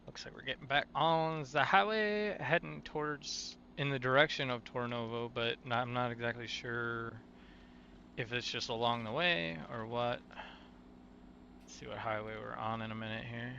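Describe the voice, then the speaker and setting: A man giving laid-back, joking commentary while driving in a trucking game, thinking out loud as he goes. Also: mid-range voice, normal speed, vocal fry, a little hiss or hum. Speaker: game streamer. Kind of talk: casual gameplay commentary. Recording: dull lo-fi mic sound.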